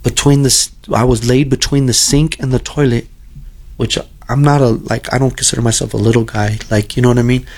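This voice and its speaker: A man's voice: medium pitch, fairly even intonation, fairly quick, a little mellow. A middle-aged man telling a long personal story in an earnest, rambling way, often repeating himself. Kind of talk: casual storytelling.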